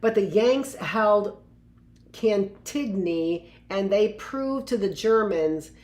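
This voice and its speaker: A woman's voice: mid-range voice, animated, takes it slowly, a little mellow. Woman teacher reading aloud in a roomy space. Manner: reads aloud with chatty asides and self-corrections. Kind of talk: reading a history book aloud to a class.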